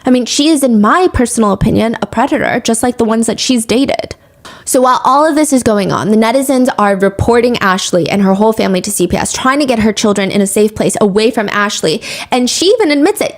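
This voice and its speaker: Woman podcast host, a little high-voiced, chatty and opinionated as she tells the story. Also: fairly quick. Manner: conversational, opinionated, animated. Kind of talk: true-crime storytelling podcast.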